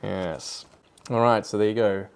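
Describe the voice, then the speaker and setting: An Australian man with a fairly low voice talks in a relaxed, chatty way, wandering from one tangent to the next. He sounds like a plant channel host thinking aloud while he pots plants. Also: a little slow, gravelly. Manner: chatty, rambling, goes off on tangents. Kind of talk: casual chat while potting plants.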